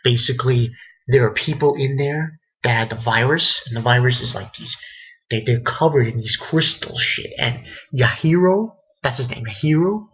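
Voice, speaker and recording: Rambling man with a husky voice, lo-fi sound. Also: medium pitch, moderate pace. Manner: rambling, loose, swears a lot, many fillers. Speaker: anime reviewer. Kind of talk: casual episode recap. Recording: dull lo-fi recording.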